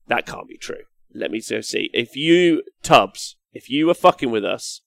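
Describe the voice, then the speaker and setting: A young man hosting a casual live stream while painting miniatures, excitable, swearing and reading chat comments aloud. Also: medium pitch, unhurried, creaky, no room sound. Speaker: livestream host.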